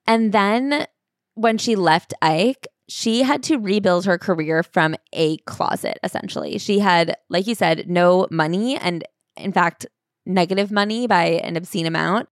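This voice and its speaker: A woman co-hosting a casual chat, retelling a story with excitement and swearing. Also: lowish voice, measured pace, no room sound, studio quality. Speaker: podcast co-host. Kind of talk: casual book-club chat.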